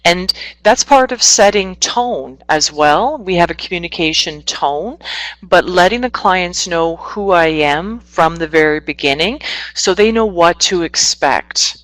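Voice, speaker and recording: A woman from Northwestern Ontario, a psychotherapist, presenting a webinar in a quick, conversational way with small asides. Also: lowish voice, lively intonation, a bit bright, no room sound, poor audio. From Northwestern Ontario, Canada. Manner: fast-talking, self-aware, conversational with asides.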